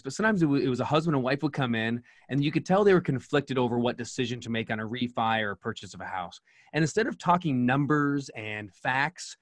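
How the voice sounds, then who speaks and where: A podcast guest who works as a speaker and coach, this middle-aged man tells an earnest story during an interview, restarting many times. His pitch is medium, and there's no echo.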